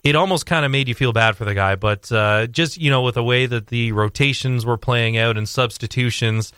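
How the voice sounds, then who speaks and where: Bright, crisp-voiced young man chatting sports. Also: medium pitch, brisk, no room sound, clean studio sound. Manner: rambling, many fillers and restarts; animated storytelling. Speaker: sports commentator guest. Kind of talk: casual radio sports chat.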